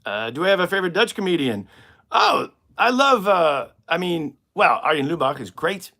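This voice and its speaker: Gravelly American man, rambling and animated. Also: on the high side, moderate pace. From United States. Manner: rambling, self-interrupting, laughs at his own jokes. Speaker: comedian hosting a live-stream Q&A. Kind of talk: casual live-stream chat.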